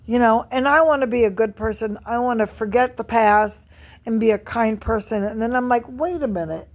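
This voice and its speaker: A woman's voice: on the high side, steady tone, moderate pace. A middle-aged woman venting angrily and profanely in a vlog monologue, repeating herself as she rants. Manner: angry, profane, repetitive venting. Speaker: vlogger.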